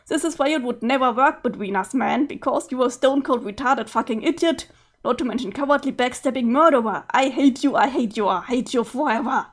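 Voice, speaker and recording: A woman reading aloud and voicing a furious, foul-mouthed young male troll who rants loudly. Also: high voice, fairly quick. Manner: loud, ranting, sweary.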